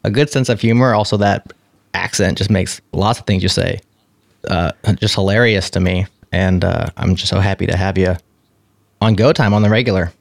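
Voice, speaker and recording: A man's voice: low voice, steady tone, moderate pace, gravelly, dry recording, studio quality. A man hosting a podcast, chatting in a rambling, friendly way that often corrects itself. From United States. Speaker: podcast host. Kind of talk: casual chat.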